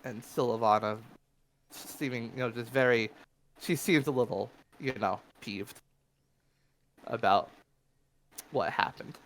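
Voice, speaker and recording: A game master describing the party's journey in a loose, rambling way, full of "sort of" and "you know". His voice sits at a middling pitch, with faint noise behind it. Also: slow, long pauses, fairly bright tone. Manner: loose and rambling, many fillers. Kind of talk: narrating a tabletop game.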